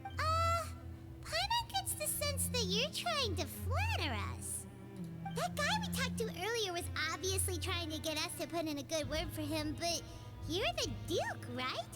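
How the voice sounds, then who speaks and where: A tiny, greedy video game sidekick chatters in a very high, lively squeak. She talks about herself by her own name, and game music plays loudly underneath. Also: measured pace, heavily acted. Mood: eager. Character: tiny floating female companion, chirpy and greedy.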